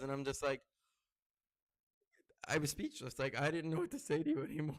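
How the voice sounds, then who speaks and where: A man's voice: brisk, no echo. A young man hosting his own podcast, chatting casually and rambling through stories with many fillers. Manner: gets loud and high-pitched when excited. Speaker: podcast host. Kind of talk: casual solo podcast chat.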